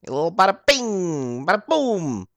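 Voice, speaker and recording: Man putting on a loud Brooklyn tough guy. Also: high-pitched, big pitch swings, normal speed, dry recording, pitched above the performer's own voice. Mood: brash. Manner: loud, swaggering, exaggerated. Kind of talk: comic impression on a podcast.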